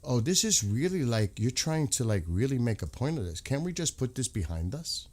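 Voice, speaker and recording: This American man runs a livestream and speaks at a normal speed, his mid-range, darkish voice swinging widely in pitch. The casual talk turns heated and repetitive, with plenty of swearing.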